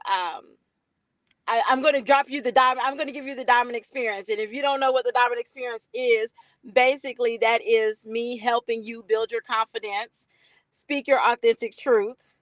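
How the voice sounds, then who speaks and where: A woman's voice: fairly high pitch, steady tone, normal speed, dry recording, low-quality recording. A woman client giving an enthusiastic, casual testimonial on a coaching call. She laughs and repeats her phrases.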